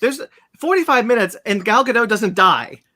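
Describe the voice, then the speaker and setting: Man, podcast host, casual chat, animated, profane, high, bright tone. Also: moderate pace.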